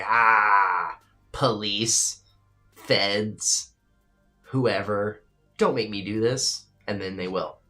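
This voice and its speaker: A man hosting a live stream, talking casually and with emphasis, at times swinging loud and high, and reading out chat messages. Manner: reads and answers chat. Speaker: livestream host. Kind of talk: casual livestream commentary.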